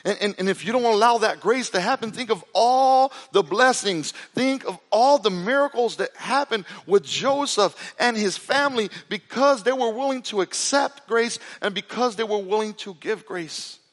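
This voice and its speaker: A man preaching a sermon as pastor, telling a story with animated delivery that drops to a hushed, intense tone. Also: sits high, moderate pace, few pauses. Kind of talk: sermon with storytelling and altar call. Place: church sanctuary. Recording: reverberant hall with soft music behind.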